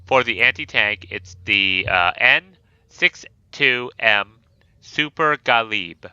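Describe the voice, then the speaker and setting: A man's voice: medium pitch, expressive, slow pace, sharp tone, smooth, no echo. A man hosting a casual gaming chat, easygoing and joking as he talks through game units. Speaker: host. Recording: dull lo-fi dry mic.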